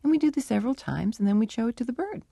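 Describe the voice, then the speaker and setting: Woman researcher, middle-aged, gravelly, mellow tone, dry close sound, animated storyteller. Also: on the high side, racing, no room sound. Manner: animated storytelling, acts out dialogue. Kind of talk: interview answers.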